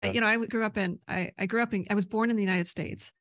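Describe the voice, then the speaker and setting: A woman's voice: medium pitch, steady tone, fast, a bit bright, no room sound, clean studio sound. A woman who grew up in Canada, a podcast guest telling rambling stories in casual chat, often tagging her sentences with "right?". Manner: rambling storyteller, many "right?" tags.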